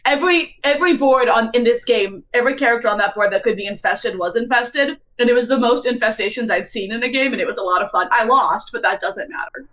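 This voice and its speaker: Woman podcast co-host, fairly high voice, casual teasing storyteller. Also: quick pace, hardly any pauses, fairly bright tone, poor audio. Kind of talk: casual chat.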